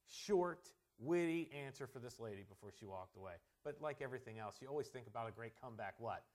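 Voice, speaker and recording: A male pastor preaching a sermon, pressing his points with strong emphasis and dropping into quiet, joking asides. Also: mid-range voice. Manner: emphatic, swings from soft asides to loud stressed points.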